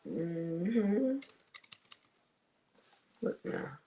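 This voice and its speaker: A woman's voice: on the low side, lively intonation, extremely slow, dark tone, lo-fi sound, slight background noise. A woman hosting a casual livestream as a nurse, chatting and greeting viewers by name, with a cough. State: has a cough. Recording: roomy echo.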